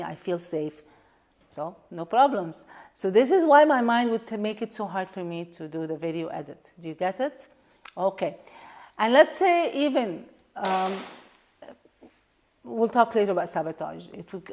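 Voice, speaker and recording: A woman's voice: medium pitch, a little mellow. A woman leading a tapping lesson, speaking in repeated affirmations in a coaching tone.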